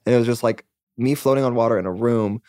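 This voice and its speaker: Quick, chatty male guest who acts out quoted lines as he rambles through a story. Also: mid-range voice, fairly even intonation, warm tone, no echo, studio quality. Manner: rambling, filler-heavy, acts out quoted dialogue. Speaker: podcast guest, musician. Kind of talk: casual storytelling interview.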